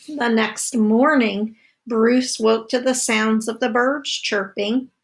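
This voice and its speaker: A woman teacher reading a picture book aloud to children, slow and expressive, with asides to her listeners. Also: on the high side, vocal fry.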